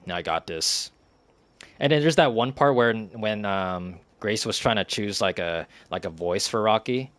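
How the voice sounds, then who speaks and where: A man's voice: on the low side, normal speed, few pauses, dry recording. A young man streaming a game and chatting casually, rambling with lots of fillers, restarts and giggles.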